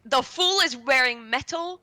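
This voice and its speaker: A woman's voice: sits high, a little slow, pushed and bright. A woman playing a tabletop game, chiming in with wry remarks. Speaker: player. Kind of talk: casual tabletop play.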